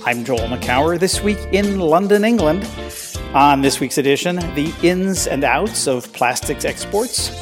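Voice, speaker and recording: A man's voice: fairly high pitch, animated, unhurried, over music. A middle-aged man hosting a podcast, talking in a chatty, rambling way with many fillers. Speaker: podcast host. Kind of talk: casual podcast chat.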